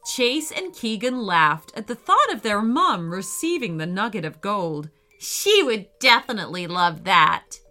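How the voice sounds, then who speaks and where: A woman reads a children's bedtime story slowly and gently, with a bright, lively voice. Soft music plays under her reading. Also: medium pitch.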